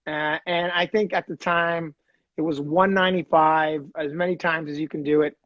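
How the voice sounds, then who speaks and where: High-voiced Canadian man telling stories. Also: moderate pace, dry recording, highs cut off. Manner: animated storyteller, acts out quoted voices. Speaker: podcast host, former hockey player. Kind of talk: casual storytelling chat.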